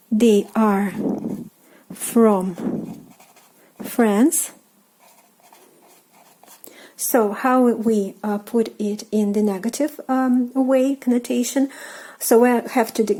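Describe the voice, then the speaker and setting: A woman with a Russian accent explains grammar in a slow, unhurried way, pausing often on ums and uhs. Her voice is soft and mellow, never sharp. She repeats each example phrase patiently, as a teacher writing on a board. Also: mid-range voice, rough recording. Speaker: language teacher.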